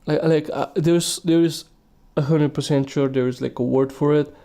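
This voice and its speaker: Young guy rambling on his own podcast, swears a ton, mellow dark voice, laughs at himself. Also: fairly high pitch, fairly even intonation, normal speed. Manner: profane, meandering, laughs at himself. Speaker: podcast host. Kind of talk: casual solo podcast rambling.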